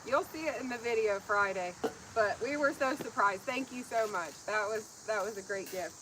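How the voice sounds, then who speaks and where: Bubbly woman co-host, higher bright voice, casual outdoor chat with faint insect noise. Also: moderate pace, poor audio. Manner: bubbly, excitable. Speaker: co-host of a car-build channel.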